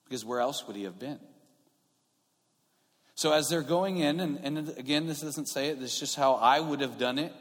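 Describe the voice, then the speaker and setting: A man's voice: a little high, moderate pace, long pauses. A man preaching a sermon in a conversational way, growing emphatic and often restarting his sentences. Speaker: pastor. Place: church sanctuary. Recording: long hall reverb.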